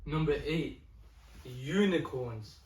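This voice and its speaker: A man's voice: a little high, animated, slow. A man hosting a casual podcast, running through a list and asking blunt questions. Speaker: podcast host. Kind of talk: casual chat. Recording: roomy echo, distant mic, crowd noise.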